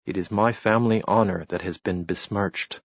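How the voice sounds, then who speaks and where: A man's voice: fairly low pitch, steady tone, moderate pace, no room sound, dull audio. A man reading the part of a proud young nobleman, clipped and bitter as he issues a challenge. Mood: bitter anger.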